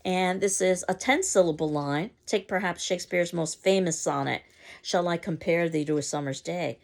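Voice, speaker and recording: A woman's voice: fairly low pitch, moderate pace, gravelly. A woman teacher giving a recorded class lecture, explaining at length with frequent fillers and self-corrections.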